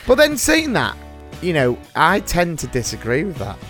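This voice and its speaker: A man hosts a banter podcast, his voice fairly high and bouncing all over the place. He is excitable and jokey, and soft music plays underneath. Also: moderate pace. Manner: excitable, jokey, laughs at his own jokes. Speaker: podcast co-host.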